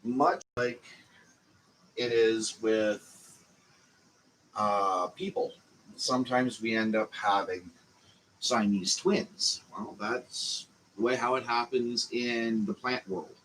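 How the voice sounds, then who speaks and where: A man with a Canadian accent hosting a casual growing class, talking slowly and meandering with lots of fillers. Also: medium pitch, fairly even intonation, a bit bright, slight background noise, low-quality recording. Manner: slow, meandering, with frequent fillers. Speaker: channel host teaching a growing class. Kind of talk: casual instructional talk.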